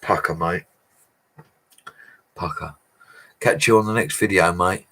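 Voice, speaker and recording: A low-pitched man chats casually through a livestream Q&A. He is a bricklayer answering viewers' questions in a matey, easygoing way and laughs often. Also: slow, pauses often, sharp tone.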